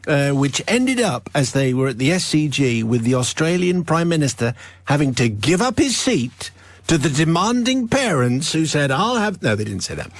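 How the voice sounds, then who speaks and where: A man's voice: fairly high pitch, sing-song, moderate pace, dry recording. A middle-aged English man presenting a radio show, joking with co-hosts and reading listener letters aloud. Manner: jokey, reads listener letters. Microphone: studio microphone.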